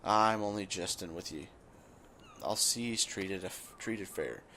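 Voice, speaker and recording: A man voicing a gruff, blustering old male guild boss, reading game dialogue aloud. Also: low-pitched, unhurried, sharp tone, slight background noise, full character voice. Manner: reads in a rough dockside voice, drops it partway.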